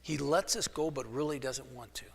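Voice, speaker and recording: A man's voice: mid-range voice, moderate pace, vocal fry. A male pastor preaching a sermon as casual, joking storytelling in a church. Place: church sanctuary. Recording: echoey church hall.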